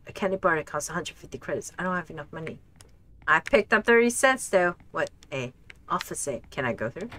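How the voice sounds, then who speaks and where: A woman streaming a game, reacting out loud as she plays, talking to herself and laughing often. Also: lowish voice. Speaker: gaming streamer. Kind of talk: casual let's play commentary.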